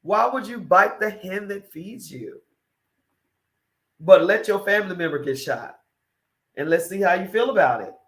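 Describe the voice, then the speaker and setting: A woman's voice: on the low side, expressive, moderate pace, pauses often. A woman hosting a morning talk show, giving an opinionated monologue that is emphatic and repetitive, full of rhetorical questions.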